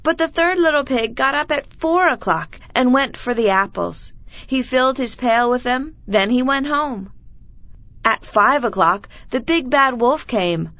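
Woman reading a storybook aloud clearly. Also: high voice, measured pace, fairly bright tone, dry recording, dull audio. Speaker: reader of children's stories. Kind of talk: storybook read-aloud for learners.

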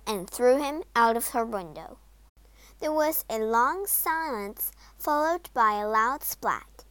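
A woman reading a children's storybook aloud in an expressive, lively way, voicing all the characters herself. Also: fairly high pitch, takes it slowly, clean tone, no room sound. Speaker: storybook narrator. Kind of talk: storybook read-aloud narration.

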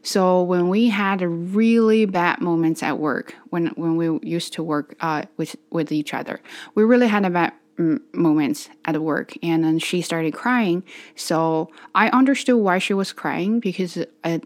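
A woman's voice: fairly low pitch, a little slow. A young adult woman telling a personal story for her vlog, candid and wordy, with many restarts and fillers. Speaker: vlogger.

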